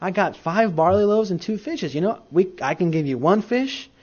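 A man's voice: high-pitched, expressive, normal speed, darkish tone, slightly rough, dull audio, pitched above the performer's own voice. A man preacher voicing an eager, wide-eyed little boy sharing his lunch. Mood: friendly.

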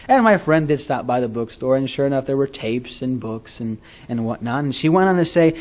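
A man's voice: mid-range voice, animated, fairly quick, hardly any pauses. A male pastor preaching a sermon, telling folksy stories and speaking directly to his congregation. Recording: dull lo-fi recording.

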